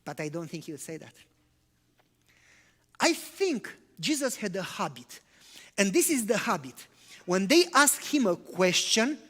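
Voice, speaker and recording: A male pastor with a high, sharp-toned voice preaches conversationally, asking rhetorical questions and using non-native English phrasing. The sermon carries a long church-hall reverb.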